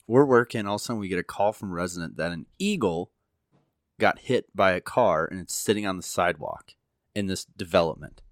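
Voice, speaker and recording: Low-voiced man telling a story. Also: expressive, brisk, no room sound, studio quality. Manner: rambling storyteller, quotes people in his stories. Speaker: podcast co-host. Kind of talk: casual chat, telling a story.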